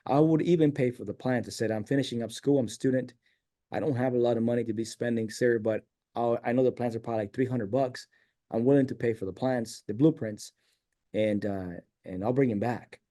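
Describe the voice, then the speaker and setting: A middle-aged man from San Diego, California, chats as an interview guest in a mellow, warm, medium-pitched voice at a fairly quick pace. He rambles through a personal story as an animated storyteller, acting out the dialogue of people he quotes.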